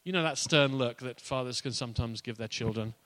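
A man delivers a sermon in a relaxed, conversational way, full of asides and humor. His voice sits in a middle register. The recording is close and dry, with little room sound. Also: medium pitch, brisk, no echo. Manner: conversational and playful, with laughs and asides. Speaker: pastor.

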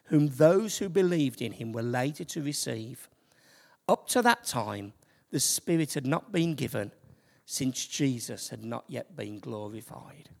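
Slowly, a preacher delivers a sermon to a church congregation, building up to loud, emphatic points. His voice is mid-range and creaky, and the recording carries a long hall reverb.

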